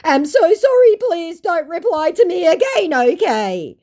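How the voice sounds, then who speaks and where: A woman's voice: very high voice, sing-song, measured pace, dark tone, pitched above the performer's own voice, full character voice. A woman doing a huffy male scammer. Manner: huffy, dismissive, keeps saying bye. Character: pushy, indignant male online scammer.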